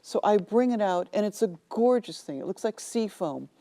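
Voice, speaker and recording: A woman author telling lively anecdotes in a TV studio interview, acting out the people in them. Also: mid-range voice, normal speed. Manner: animated storyteller, acts out quoted voices. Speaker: author guest.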